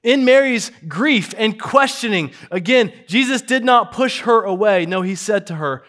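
A pastor preaching an earnest sermon to his church, dropping to hushed lines and then rising to stressed ones. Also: high-pitched, normal speed.

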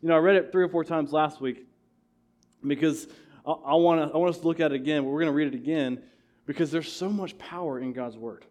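A man's voice: on the high side, fairly quick, a little mellow. A male pastor preaching a sermon in a church, impassioned and emphatic, repeating key phrases. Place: church sanctuary.

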